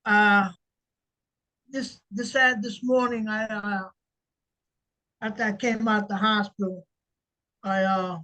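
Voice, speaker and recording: An older man in a reading group call, telling a story in a halting way with many repeated words. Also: sits high, level tone, sharp tone, low-quality recording. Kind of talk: casual storytelling in group discussion.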